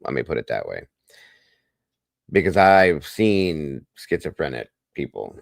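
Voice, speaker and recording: A man's voice: rumbling low, very animated, a little slow, gravelly, dry recording. A man hosting a live stream, chatting casually with his viewers and often calling them guys, while he has the hiccups.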